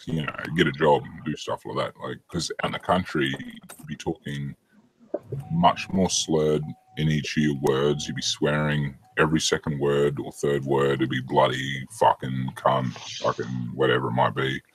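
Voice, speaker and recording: A man's voice: very deep voice, flat delivery, normal speed, husky, no room sound, rough recording. A man, rambling in casual chat on a video call and swearing freely.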